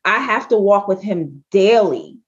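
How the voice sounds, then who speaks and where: A woman's voice: medium pitch, expressive, unhurried. A woman from Jamaica hosts a heartfelt podcast conversation. She talks in an emotive way and laughs easily, and her voice comes through a dull, lo-fi recording. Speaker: podcast host. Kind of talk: conversational interview. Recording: dull lo-fi sound.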